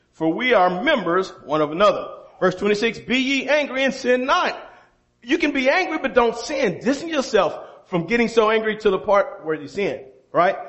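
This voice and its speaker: A man preaching a sermon who addresses his congregation with rhetorical questions, rising sharply for emphasis and then dropping low. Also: fairly bright tone, muffled recording. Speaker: pastor.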